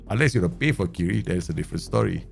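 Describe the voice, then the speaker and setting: A man's voice: deep voice, lively intonation, a little fast, creaky, faint music behind. A man streaming a football management game, chatting casually with viewers and ranting in jest at his players. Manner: chatty, joking, talks to viewers; mock-angry rants at players, laughing. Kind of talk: casual livestream chat.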